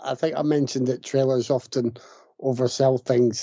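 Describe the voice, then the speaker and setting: A man's voice: mid-range voice, moderate pace, gravelly, dark tone, breathy edge, lo-fi sound. A man co-hosting a podcast, chatting casually about a film he enjoyed. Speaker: podcast co-host.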